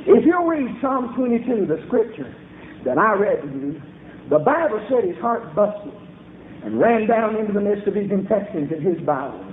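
Preacher, male, fervent shouter, very high-pitched, thin phone-like echoey recording. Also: big pitch swings, normal speed, slight background noise. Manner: fervent, shouting in rhythmic bursts, call-and-response style. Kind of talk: revival sermon. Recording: echoey room over a tinny phone-like line.

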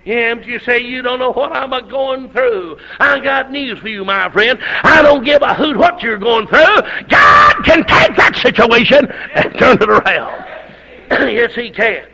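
Man, Southern US accent, revival preacher, bright edgy tone, sore throat, fervent folksy delivery, lo-fi recording. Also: extremely high pitch, sing-song, unhurried, vocal fry. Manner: folksy storytelling, fervent, rising to shouts. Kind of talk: revival sermon. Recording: dull lo-fi recording.

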